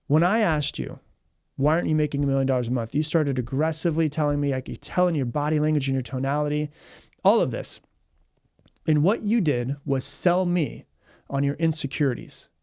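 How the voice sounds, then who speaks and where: A man hosting a podcast as a mindset coach, telling a story in a fast, energetic way, often repeating himself and acting out what people said. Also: on the high side, vocal fry, no room sound, studio quality.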